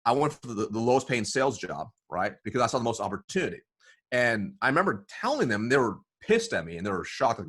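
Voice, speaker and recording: A man being interviewed as a sales consultant, telling stories in a lively way, often saying "right?" and acting out bits of dialogue. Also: medium pitch, fast, husky. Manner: animated, says "right?" often, acts out dialogue. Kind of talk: casual interview storytelling.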